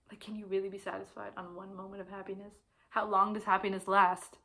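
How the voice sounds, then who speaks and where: A woman's voice: medium pitch, little pitch movement, fast, pushed and bright. A young adult woman chatting casually about her favorite books, rambling and gushing with many fillers and restarts. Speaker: book vlogger.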